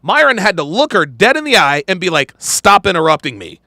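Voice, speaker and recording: A man's voice: high voice, sing-song, fairly quick, sharp tone, no echo. A man hosting a podcast, reacting to a clip in emphatic, profane commentary and repeating his points.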